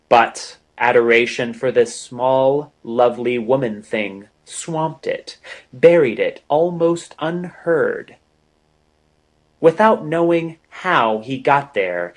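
A man narrates an old-fashioned romance in an unhurried, deliberate reading. His pitch sits in an ordinary middle range, and he lets each phrase land slowly. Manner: unhurried, measured literary reading. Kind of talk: audiobook reading of a romance novel.

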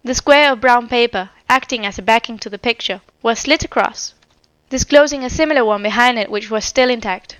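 A woman narrates a storybook aloud in a measured, expressive way. Her voice is smooth and a little high. The recording is close and dry, with no room sound. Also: no echo. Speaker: audiobook narrator. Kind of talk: scripted narration.

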